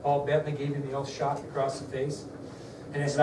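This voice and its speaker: A man's voice: on the high side, completely flat delivery, a little fast. A man teaching a history lesson to a class, telling the story in a conversational way and putting questions to his students. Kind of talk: classroom lecture. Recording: echoey room, mic far off, faint background noise.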